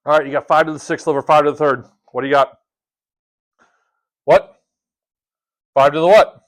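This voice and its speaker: A man's voice: fairly high pitch, steady tone, moderate pace. A man teaching a math class, talking casually to his students, joking and asking them questions. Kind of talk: classroom lesson.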